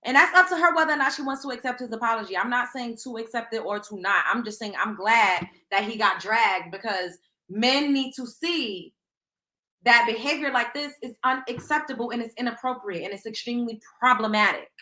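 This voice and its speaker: A young adult woman hosting a casual gossip livestream, blunt and animated, swearing freely and acting out quotes as she gives her opinions. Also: a little high, a little fast, reverberant. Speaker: host of a celebrity gossip livestream.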